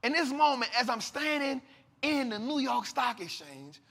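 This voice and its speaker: A man host telling a story dramatically to an audience, acting out the dialogue and swinging between loud and hushed. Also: extremely high pitch, big pitch swings, normal speed, creaky, long reverb tail.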